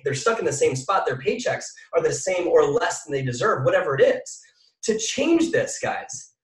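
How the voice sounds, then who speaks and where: High-pitched man, motivational speaker. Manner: energetic, asks the audience questions. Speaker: mindset speaker. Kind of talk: motivational talk to an audience. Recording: echoey room from far off.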